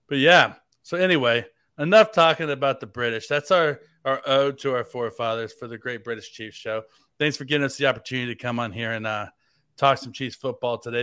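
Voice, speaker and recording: Bright, rambling, jokey American man. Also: mid-range voice, dry recording, clean studio sound. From United States. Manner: rambling and jokey, heavy use of "like". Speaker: fill-in podcast host. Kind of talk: casual sports podcast chat.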